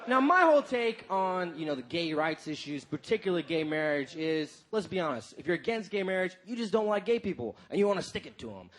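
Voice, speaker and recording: High-voiced male stand-up comedian. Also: a little fast, few pauses. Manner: animated storytelling, jumps into loud shouted voices for characters. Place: live comedy stage before a crowd. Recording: live crowd noise in the background. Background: audience laughter and crowd noise.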